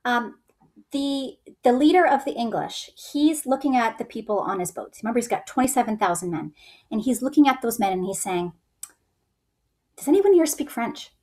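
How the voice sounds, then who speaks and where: A woman's voice: on the high side, brisk, darkish tone. A woman teaching history in a casual storytelling way, acting out quoted soldiers in raised voices.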